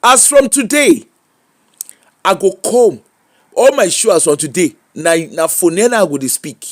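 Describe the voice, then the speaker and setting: A man with a Nigerian accent giving an animated, mocking live-stream rant in Pidgin English. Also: sits high, a little fast. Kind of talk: ranting live-stream monologue.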